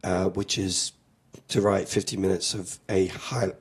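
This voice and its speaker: A man, a comedian, talking in an interview in a rambling, halting way with many fillers. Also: deep voice, little pitch movement, slightly rough. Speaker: comedian guest. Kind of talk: interview chat.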